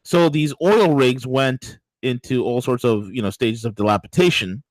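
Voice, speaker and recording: A man co-hosting a political talk show, telling stories in a mocking, crude, animated way. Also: mid-range voice, moderate pace, dry recording, rough recording. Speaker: co-host.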